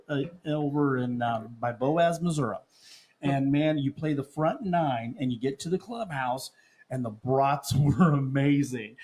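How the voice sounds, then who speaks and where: A man hosting a morning Christian talk show, joking and telling stories in a lively, playful way. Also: on the high side. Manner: playful, joking, animated storyteller. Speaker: host. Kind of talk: morning radio show chat.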